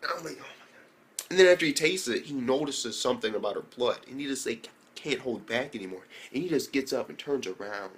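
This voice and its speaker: A young man talks through an anime episode in a loose, swearing, excitable rush. His voice sits at an ordinary middle pitch, and he keeps breaking into mock impressions of the characters. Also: fast talker, hardly any pauses. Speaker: anime reviewer. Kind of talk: casual profane recap.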